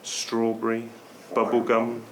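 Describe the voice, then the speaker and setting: A man working as an anaesthetist, talking softly and reassuringly to a young patient in simple words. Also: medium pitch, monotone, takes it slowly. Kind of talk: gentle talk to a child patient. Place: hospital. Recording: noisy hospital background.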